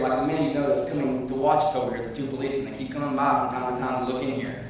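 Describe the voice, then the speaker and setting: A man giving impassioned public comment at a community forum. He rambles, then grows loud and heated. He is picked up from far off in an echoey meeting room with faint noise behind him. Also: mid-range voice, steady tone, racing, hardly any pauses.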